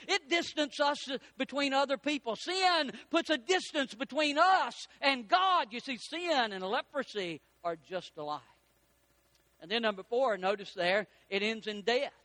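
Preacher guy, real high bright voice, folksy, slows way down to hammer points home. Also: expressive, dry recording. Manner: folksy preaching with dramatic rises and slowed emphasis. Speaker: pastor. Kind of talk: sermon.

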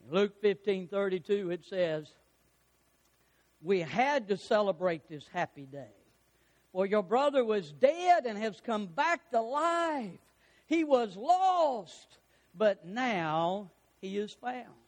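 A pastor preaching a sermon, fervent and rising to shouts, putting questions to the congregation. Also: male voice, sits high, sing-song, takes it slowly.

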